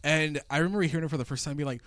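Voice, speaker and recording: A man hosting a podcast in casual chat, animated and swearing freely as he acts out his reactions. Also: fairly high pitch, very fast, dry recording. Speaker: podcast host.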